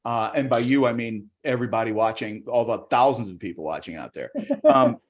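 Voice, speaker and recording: A man's voice: mid-range voice, fairly quick. A man doing stand-up comedy on a video call, chatty and rambling, with plenty of restarts and put-on voices. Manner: chatty, rambling, self-interrupting, acts out voices. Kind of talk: stand-up comedy on a virtual show.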